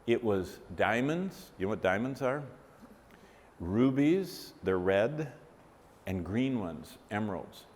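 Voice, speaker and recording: A man's voice: lowish voice, a little mellow. A man preaching a sermon, telling a story vividly and asking his listeners questions. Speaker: Bible teacher. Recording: reverberant hall.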